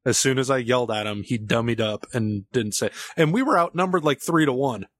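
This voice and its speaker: A man's voice: mid-range voice, a little fast, a bit bright, dry recording. A man from California telling wry, laughing anecdotes in a casual podcast chat. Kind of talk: casual storytelling.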